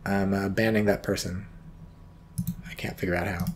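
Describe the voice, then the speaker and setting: A man's voice: deep voice, little pitch movement, moderate pace, slight background noise. A man giving casual live-stream commentary on a strategy game, wry and offhand, swearing now and then.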